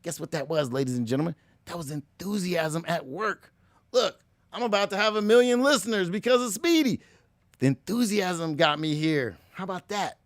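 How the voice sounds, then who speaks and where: A man hosting a motivational talk, energetic and preachy, who keeps addressing listeners as ladies and gentlemen. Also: sits high, moderate pace, dry recording, clean studio sound. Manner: energetic, preachy, slips into mock voices. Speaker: motivational show host.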